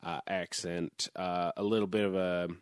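A man's voice: deep voice, flat delivery, normal speed, smooth, no echo. Opinionated podcast man, dry close sound. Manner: opinionated, hesitant with many uh fillers, laughs often. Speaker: podcast co-host. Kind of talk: casual chat.

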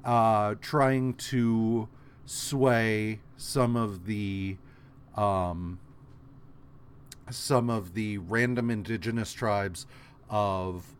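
A man talks through a comic plot on a podcast at an unhurried pace. He stumbles over names, restarts his sentences and leans heavily on fillers. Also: fairly low pitch, fairly even intonation, a little hiss or hum. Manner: halting, many fillers and restarts. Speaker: podcast co-host. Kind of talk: casual chat recapping comics.

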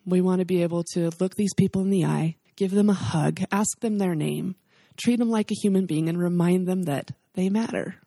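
A woman in her forties speaking earnestly and with feeling about her life and faith, as a guest on a talk show. Her voice sits low and sounds mellow and warm. The recording is close and dry. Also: moderate pace, vocal fry, hardly any pauses, no room sound. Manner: earnest, emotional, faith-filled storytelling. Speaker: guest, charity founder. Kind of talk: heartfelt storytelling interview.

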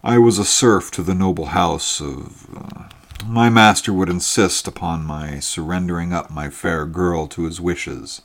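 A man reading the part of a grim, secretive middle-aged hunter in a story, in a low and deliberate way.

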